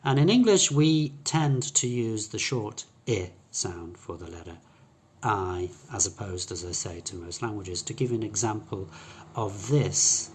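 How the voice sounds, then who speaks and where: A man's voice: lowish voice, lively intonation, measured pace, slight background noise. A man teaching English pronunciation, explaining patiently with fillers and restarts and demonstrating sounds by contrasting them. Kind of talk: pronunciation lesson.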